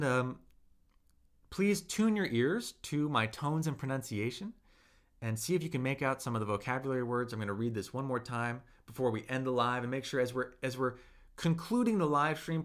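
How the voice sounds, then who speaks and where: A man's voice: mid-range voice, animated, moderate pace, a bit bright. A young man hosting a casual live-stream language lesson, upbeat and encouraging, with many fillers and "right?" tags.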